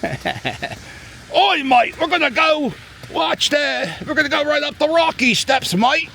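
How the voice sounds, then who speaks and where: A man's voice: very high voice, sing-song, takes it slowly, gravelly, bright, forceful tone, a little hiss or hum, pitched above the performer's own voice, full character voice. A man voicing a cheerful male Australian tourist who knows nothing about American football, with a put-on Australian accent and an exaggerated, slang-heavy drawl. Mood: jokey.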